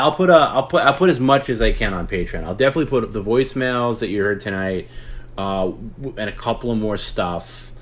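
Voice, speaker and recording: A man hosting a casual late-night stream, rambling, often laughing and breaking into hushed imitations of others. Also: low voice, slight background noise. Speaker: podcast host.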